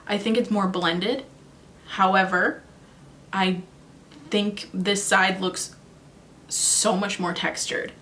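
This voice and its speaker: Reviewing makeup in a vlog, this young woman talks casually, musing out loud and doubting her own calls. Her medium-pitched voice is a bit bright, with slight background noise.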